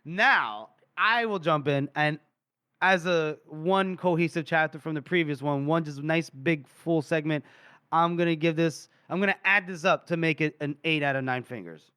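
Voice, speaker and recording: Smooth-voiced man recapping a story. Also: a little high, normal speed, bright, forceful tone. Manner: rambling, filler-heavy storytelling. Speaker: podcast co-host. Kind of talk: casual chat, retelling a chapter.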